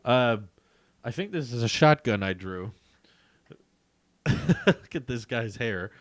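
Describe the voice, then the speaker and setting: A man's voice: medium pitch, lively intonation, slow, no echo, clean studio sound. A young man reading his childhood comic aloud as a vlogger, with self-mocking, amused asides.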